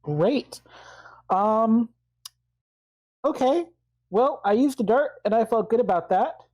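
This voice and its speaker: A woman's voice: on the high side, lively intonation, slow, dark tone, rough recording. A woman playing a tabletop game, asking unsure questions about the rules. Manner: unsure, asks many questions. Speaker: player.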